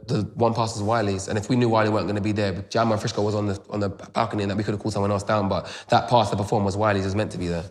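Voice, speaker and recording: A young man with a London accent, telling a story in a casual interview with rapid, animated retelling full of "boom" and "da da" fillers. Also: big-room sound. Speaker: grime MC, interview guest.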